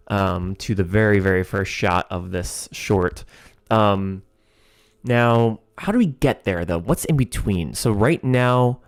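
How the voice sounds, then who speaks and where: A man's voice: lowish voice, smooth, no echo, clean studio sound. A man hosting a livestream, thinking aloud while writing a comedy sketch, hesitant with many ums and chuckling as he reads lines aloud.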